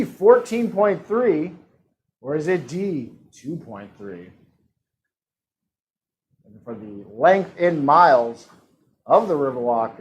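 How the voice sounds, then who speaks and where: A man hosting a live-streamed trivia game, reading out questions and answer choices with quick jokes and frequent laughs. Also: on the high side, low-quality recording. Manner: jokey, laughs often, reads out multiple-choice options. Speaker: trivia host.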